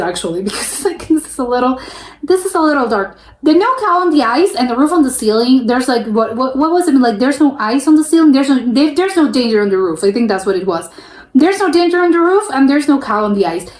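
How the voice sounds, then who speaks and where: A woman's voice: a little high, a little mellow, roomy sound. A young woman from the United States hosts a reaction video, thinking aloud in casual commentary with many fillers and restarts. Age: young adult.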